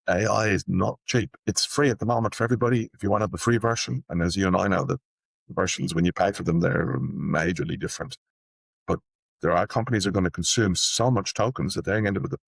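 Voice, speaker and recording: A man's voice: fairly low pitch, fast talker, vocal fry, husky, no echo. A man hosting a casual business chat, rambling through anecdotes and cutting himself off mid-sentence. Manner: rambling, anecdotal, self-interrupting. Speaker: podcast host.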